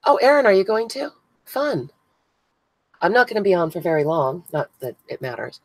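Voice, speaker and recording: Chatty crafter with a dry close sound. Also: female voice, lowish voice, sing-song, moderate pace, no echo, poor audio. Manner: chatty, greets viewers by name, thinks aloud while working. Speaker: craft channel host. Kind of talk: casual live-stream chat while crafting. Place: indoors at a crafting table.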